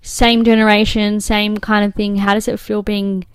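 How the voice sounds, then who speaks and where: A woman's voice: medium pitch, little pitch movement, moderate pace, smooth, no room sound. Upbeat woman host, dry close sound. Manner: enthusiastic, encouraging, asks rambling follow-up questions. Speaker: podcast host. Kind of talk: casual interview chat.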